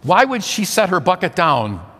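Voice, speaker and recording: A man's voice: high voice, huge pitch swings, moderate pace, fairly bright tone. A man in his sixties preaching a sermon full of rhetorical questions. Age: 60s. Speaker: priest. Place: large church. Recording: church with long reverb.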